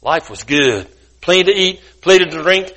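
A man's voice: sits high, expressive, moderate pace, sharp tone. A man preaching as a guest speaker, telling a folksy parable in a colloquial, homespun way. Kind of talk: sermon storytelling.

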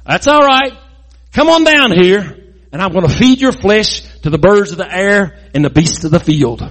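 A man voicing a boastful, angry giant warrior who mocks his young foe, in a husky, raised voice. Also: high voice, expressive, moderate pace, a bit bright, long reverb tail, pitched above the performer's own voice, rough recording. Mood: taunting. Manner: taunting, mocking.

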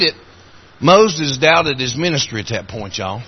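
A man with an Appalachian accent preaching a sermon, telling folksy stories in a voice that climbs high and cracks when he is moved. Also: big pitch swings, normal speed, breathy edge, dull audio.

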